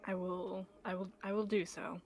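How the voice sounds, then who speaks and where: A woman's voice: mid-range voice, little pitch movement, normal speed, a little mellow, a little hiss or hum, close to an everyday voice. A woman voicing her character, an earnest and socially awkward young church woman who speaks formally.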